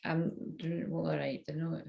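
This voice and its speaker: A woman with a lowish voice chatting casually on a live stream as a psychic reader. She talks in a loose, self-mocking way, drops swear words freely, and slips into quiet muttering and whispers to herself between remarks. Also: flat delivery, moderate pace, vocal fry, dull audio. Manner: mutters and whispers to herself while fiddling with the phone.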